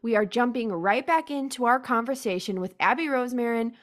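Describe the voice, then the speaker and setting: A woman hosting a podcast, talking casually and reacting with animated disbelief to her guest. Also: fairly high pitch, fairly quick. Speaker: podcast host.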